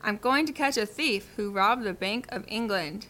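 A woman voicing a calm, decisive English gentleman in a children's cartoon, speaking crisply and giving orders. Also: mid-range voice, moderate pace, lightly acted. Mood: brisk.

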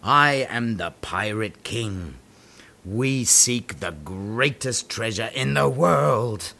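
A man's voice: lowish voice, expressive, slow pace, vocal fry, pushed and bright, exaggerated voice. A man doing a sneering pirate king. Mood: boastful. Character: gruff male pirate king, greedy and mocking. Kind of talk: storybook voice acting.

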